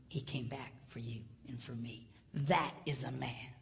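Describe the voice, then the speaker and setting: A man's voice: mid-range voice, measured pace, vocal fry, few pauses. Man preaching to a live hall. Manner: swings from hushed near-whispers to loud, laughing shouts; preacher-like exhortation. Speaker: marriage seminar speaker. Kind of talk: live comedic seminar talk. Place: large hall before a live audience. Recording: hall reverb with faint noise.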